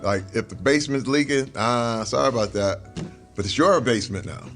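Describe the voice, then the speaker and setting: A man's voice: medium pitch, moderate pace, a bit bright, faint music behind. A middle-aged man, a guest in an interview, talking over a meal in an earnest, reflective way and chuckling now and then. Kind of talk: casual conversation over a meal.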